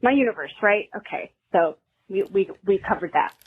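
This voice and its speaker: Calling in on a phone, a woman records a nervous, self-deprecating, rambling voicemail for a podcast hotline as she shares something personal. Her medium-pitched voice is husky and expressive, at a moderate pace, and the line is tinny.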